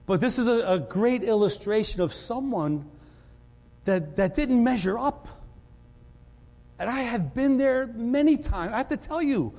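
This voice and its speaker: A man preaching a sermon as pastor, animated and conversational, often repeating words as he builds up. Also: extremely high pitch. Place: church. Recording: church hall reverb.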